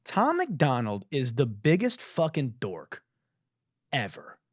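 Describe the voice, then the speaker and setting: A man's voice: medium pitch, takes it slowly, no room sound, clean studio sound. A man hosting a podcast, riffing sarcastically on a song, swearing and mocking. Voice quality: musician. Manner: sarcastic, swearing, animated mockery. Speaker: podcast host. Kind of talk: comedic commentary.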